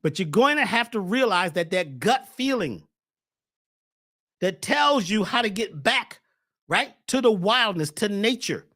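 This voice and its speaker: A man hosting a spiritual talk show, preaching with fire, shouting at times and then dropping to a hush. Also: high-pitched, animated, measured pace. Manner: preachy, swings from shouting to hushed. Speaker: host.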